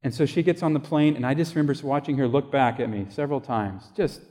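A man's voice: mid-range voice, fast, darkish tone. Brief: male pastor, storytelling sermon, casual and conversational, plays out the dialogue, long hall echo. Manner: conversational storytelling, acting out quoted voices.

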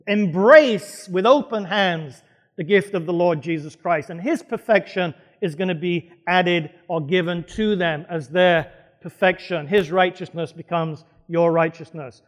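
Male pastor, emphatic sermon delivery, quizzes the congregation, fairly high voice. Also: in a large hall. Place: church hall before a congregation.

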